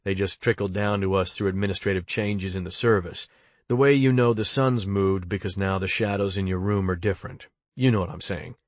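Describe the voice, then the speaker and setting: Dry, low-voiced male audiobook narrator. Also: no room sound, muffled recording. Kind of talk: audiobook reading of interview monologues.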